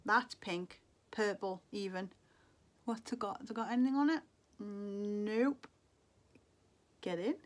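A woman's voice: medium pitch, slow pace, long pauses. A middle-aged woman from England, chatting to camera as a beauty vlogger, muttering to herself in a wistful, casual way. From Northeast England.

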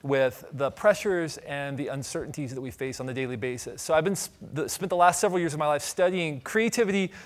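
A man's voice: fairly high pitch, brisk, few pauses. A middle-aged man from Ohio giving a conference keynote, telling stories with humor and asking the audience questions. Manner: animated storytelling, audience asides, light humor. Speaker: conference speaker. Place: conference stage.

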